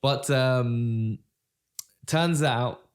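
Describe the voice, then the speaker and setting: A man's voice: medium pitch, drawn-out words, clear, resonant tone. British man in banter-filled chat. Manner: bantering, says "mate" often. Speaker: podcast co-host. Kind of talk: casual podcast chat.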